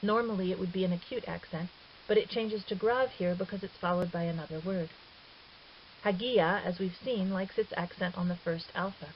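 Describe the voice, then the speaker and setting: A woman explaining a language lesson in a patient, methodical voice-over, sometimes pausing with fillers and correcting herself. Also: on the low side, steady tone. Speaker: Greek teacher. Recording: dull lo-fi recording with faint hiss.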